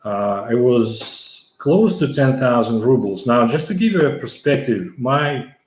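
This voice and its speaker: A man's voice: medium pitch, lively intonation, unhurried, darkish tone, a little hiss or hum. A middle-aged man from the former Soviet Union, telling a long story as an interview guest, with many fillers and restarts. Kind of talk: conversational storytelling. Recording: echoey room.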